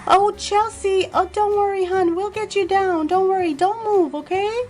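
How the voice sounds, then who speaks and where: A caring grown-up doll, voiced by a woman in a toy play video. Her voice sits high. She speaks in a soothing, motherly way. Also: steady tone, normal speed, a little mellow. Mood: worried. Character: grown-up doll, caring big sister figure.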